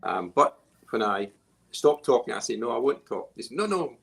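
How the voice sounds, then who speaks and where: A Scottish man appearing as a musical guest on a chat show. His voice is gravelly and a bit husky, and he speaks with a dry, teasing humour. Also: lowish voice, normal speed. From Scotland. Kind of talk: casual chat.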